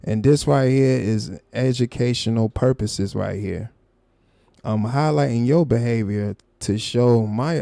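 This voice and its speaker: A man's voice: mid-range voice, creaky, dark tone, no echo. A man hosting a live stream, confrontational and profane, calling someone out in a heated rant.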